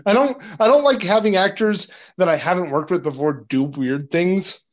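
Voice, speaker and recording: A man's voice: high voice, moderate pace, highs cut off. A man, a film director, chatting casually on a podcast, telling crude anecdotes and laughing often.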